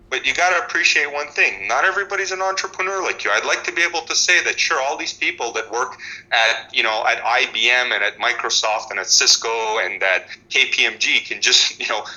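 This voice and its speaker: A man in his forties, speaking as a housing expert guest in an interview, telling stories with animated restarts. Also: medium pitch, low-quality recording. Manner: animated storytelling with frequent restarts. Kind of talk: conversational interview.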